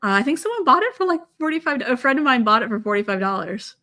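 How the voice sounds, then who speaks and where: A woman's voice: on the high side, big pitch swings, quick pace, sharp tone. A middle-aged woman from the US, a guest in a casual chat, talking in a rambling, hesitant way with many fillers.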